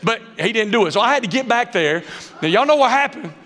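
A man preaching a sermon, telling funny personal stories in an animated way and acting out what people said. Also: extremely high pitch, fast talker. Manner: animated storyteller, dialect grammar, acts out quotes. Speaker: pastor. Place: church sanctuary. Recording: reverberant hall sound.

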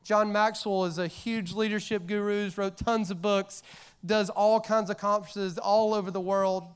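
A man's voice: high voice, steady tone, normal speed, clear, resonant tone. A man preaching a sermon with passion, sometimes acting out the voices he quotes. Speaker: pastor. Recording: music playing behind the voice.

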